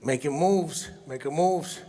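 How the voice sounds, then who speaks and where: A man, doing an animated, self-mocking stand-up comedy set and laughing at his own jokes. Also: on the high side, unhurried. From Brooklyn, New York. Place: large hall on stage. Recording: echoey hall sound.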